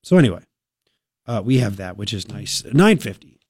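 A man's voice: fairly low pitch, big pitch swings, normal speed, darkish tone, husky, dry recording. A man hosting a talk radio show, ranting with sarcastic indignation into a studio microphone.

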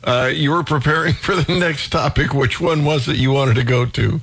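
A male radio talk show host, chatting casually, laughing often and pausing with many uhs. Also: a little high, gravelly, fairly bright tone, breathy edge, no echo.

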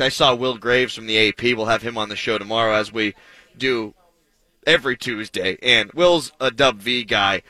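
A man's voice: mid-range voice, bright, forceful tone, no room sound, poor audio. A man hosting a sports talk radio show, talking in an emphatic, punchy way with self-mocking asides, on a studio microphone.

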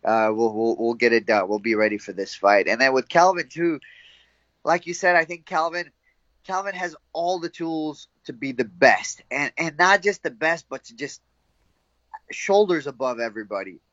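A young man being interviewed as a fighter, laughing often and telling animated stories with quoted voices. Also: mid-range voice, moderate pace, dry recording, muffled recording. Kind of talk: casual interview chat.

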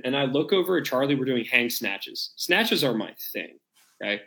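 A man co-hosting a casual chat, telling stories with a joking, animated manner. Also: medium pitch, a little fast.

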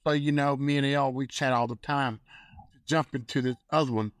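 A man's voice: medium pitch, steady tone, fairly quick, dry recording, poor audio. An older man, a guest activist, telling a story with animation and acting out phone calls in different voices. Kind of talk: storytelling in a conversation.

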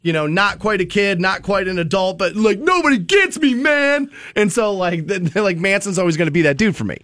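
A man with a high voice, talking casually as a podcast co-host. He jokes a lot and keeps "you know" coming as he rambles. His voice is close and dry, with no room sound. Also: quick pace, a bit bright, dry recording. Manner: joking, chatty, many fillers like "you know". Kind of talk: casual chat.

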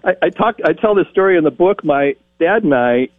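A man's voice: fairly high pitch, fairly quick, no echo. A middle-aged man, a game show announcer, telling stories in an interview and acting out the voices he quotes. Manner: animated storyteller acting out quotes. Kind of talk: storytelling interview. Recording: tinny phone-like line.

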